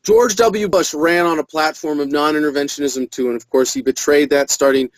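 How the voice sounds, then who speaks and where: A man's voice: on the high side, brisk, no echo, low-quality recording. A man giving an interview as a political activist, talking earnestly and speeding up when he presses a point.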